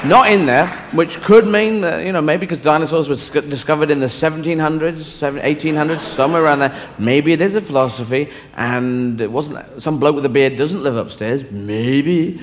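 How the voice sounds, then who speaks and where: A man doing a rambling, halting stand-up routine on a live stage recording with room noise. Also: a little high, in a large hall. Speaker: stand-up comedian.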